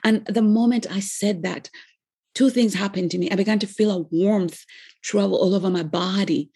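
A woman in her forties giving an earnest, emotional personal faith testimony, with pauses and restarts. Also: fairly low pitch, vocal fry, darkish tone, slightly rough. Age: 40s.

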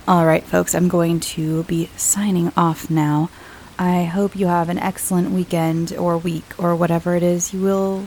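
A woman hosting a podcast, chatting to listeners in a rambling way and laughing often, her voice slightly hoarse from a cold. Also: on the low side, darkish tone, a little hiss or hum, low-quality recording. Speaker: podcast host. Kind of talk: casual chat to listeners.

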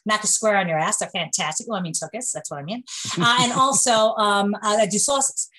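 A woman with a New York accent talking over a video call, chatty and playful, full of jokes, fillers and quick restarts. Her voice sits at an ordinary middle pitch for a woman. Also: rough recording. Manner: joking, animated, laughs often, many fillers. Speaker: business owner, guest.

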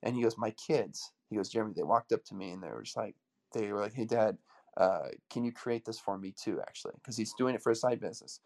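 A man's voice: on the low side, quick pace, vocal fry. A man coaching an audience in a motivational talk, telling stories energetically and acting out the dialogue. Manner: energetic storytelling, acts out quoted dialogue.

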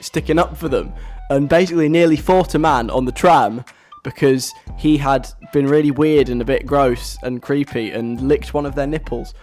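In a radio studio, a host chats casually and animatedly, telling a story and acting out the voices of people overheard. The voice is mid-range.

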